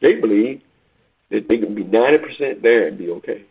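A man a sermon, repeating his points in call-and-response style and rising to near-shouts on key lines. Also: mid-range voice, expressive, a little fast, husky. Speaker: preacher. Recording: tinny phone-like radio broadcast.

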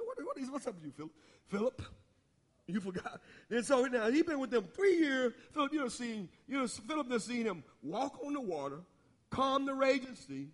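High-voiced folksy preacher man. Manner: folksy, laughing often, asks the congregation questions. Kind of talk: sermon.

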